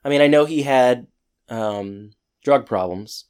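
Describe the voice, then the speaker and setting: A man co-hosting a casual chat, recapping a TV episode in a relaxed, rambling way. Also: medium pitch, measured pace, smooth. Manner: relaxed, rambling, with fillers and restarts. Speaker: podcast co-host.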